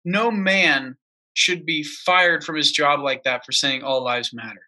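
A man with a high, very bright and piercing voice argues with emphatic insistence, hammering his points by repeating them. He talks in a casual, heated political chat. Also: measured pace. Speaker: podcast co-host.

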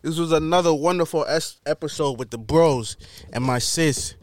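A young man hosting a casual podcast in a relaxed, laid-back way. His voice sits high, and a faint hiss of noise runs under the recording. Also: normal speed. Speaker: podcast host. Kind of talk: casual chat.

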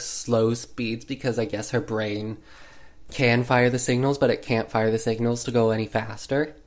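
Male host, mid-pitched, casual sarcastic film recap, lots of filler words. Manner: sarcastic, heavy use of 'like' fillers.

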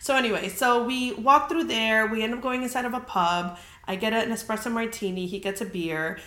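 A woman's voice: a little high, fairly quick, bright, forceful tone. A young adult woman hosting a podcast, telling a story in casual chat, full of fillers and swearing. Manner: chatty, heavy on filler "like", swears freely. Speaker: podcast host. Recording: roomy echo.

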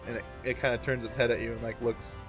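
A man narrating a tabletop game as game master, in a casual, halting way with many restarts. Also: medium pitch, little pitch movement, over music.

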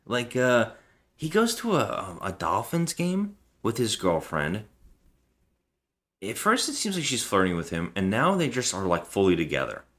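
Give me a deep-voiced man chatting casually on a podcast with a lively, animated delivery. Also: unhurried. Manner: chatty, rambling, jokey impressions. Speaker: podcast co-host. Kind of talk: casual chat reviewing a movie.

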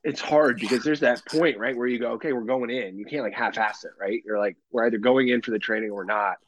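A man's voice: mid-range voice, fast, a little hiss or hum. A man in his thirties, co-hosting a casual podcast chat, telling stories animatedly with lots of laughter and casual swearing. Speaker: podcast co-host. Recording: dull, lo-fi dry sound.

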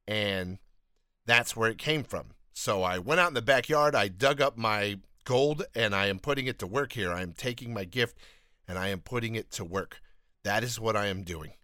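A man's voice: fairly low pitch, normal speed, pushed and bright, smooth, no echo, clean studio sound. A man hosting his own faith podcast, talking in an earnest, rambling, self-deprecating way. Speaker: podcast host. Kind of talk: casual faith podcast talk.

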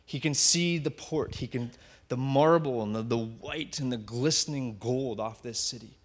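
A man preaching a sermon, retelling a Bible story vividly and often dropping to a hushed voice for effect. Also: mid-range voice, normal speed. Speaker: pastor.

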